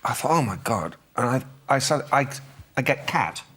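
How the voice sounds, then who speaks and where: Animated sardonic British man. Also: medium pitch, normal speed, slightly rough. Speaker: panel show regular. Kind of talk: casual comic banter.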